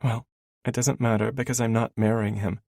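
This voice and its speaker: A man's voice: medium pitch, little pitch movement, moderate pace, darkish tone, no room sound, studio quality, pitched above the performer's own voice, natural voice. A male narrator voicing a blunt, teasing young woman who is a new mother, in an audiobook.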